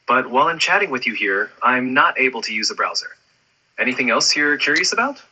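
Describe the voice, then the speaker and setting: A man's voice: mid-range voice, big pitch swings, a little fast, pushed and bright, husky, low-quality recording. A man's synthetic assistant voice, friendly and upbeat in casual chat, ending turns with questions. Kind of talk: conversational AI chat.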